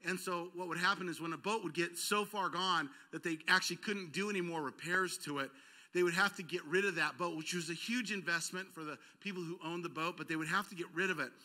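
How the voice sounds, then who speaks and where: Bright, high-voiced man preaching. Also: fast. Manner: self-deprecating, animated, acts out quoted voices with cries and shouts. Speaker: pastor. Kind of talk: storytelling sermon. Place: church auditorium.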